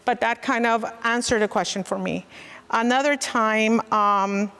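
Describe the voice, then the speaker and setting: A woman's voice: on the high side, measured pace, fairly bright tone, smooth. A woman in her forties, a child protective services worker, giving an earnest, reflective personal testimony. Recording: long reverb.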